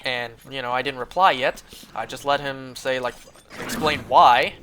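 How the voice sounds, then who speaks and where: Bright-voiced young man ranting casually. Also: medium pitch, normal speed, a little hiss or hum. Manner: rambling, profane storytelling with many fillers. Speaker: streamer. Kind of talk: casual chat while gaming.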